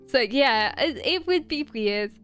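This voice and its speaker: Woman, Australian-British accent, tarot reader, casual live-stream chat, smooth clear voice, slow pace. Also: high-pitched. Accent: Australian mixed with British. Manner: rambling and giggly, many fillers.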